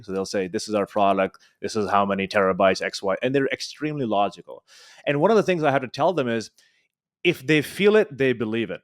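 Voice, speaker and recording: A man answering as a guest speech coach in an interview, talking in an emphatic, coaching tone. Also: medium pitch.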